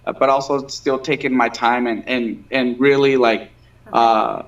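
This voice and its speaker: A man's voice: medium pitch, steady tone, unhurried. A man in his thirties, a singer being interviewed, chatting casually with many fillers and restarts. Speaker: guest singer. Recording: dull lo-fi stream audio.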